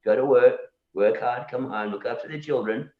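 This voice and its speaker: In a mid-range voice at a moderate pace, a male musician talks as a guest in a casual conversation. Repeating words and regularly asking "you know?", he argues his point and challenges beliefs, heard through an echoey, dull lo-fi recording.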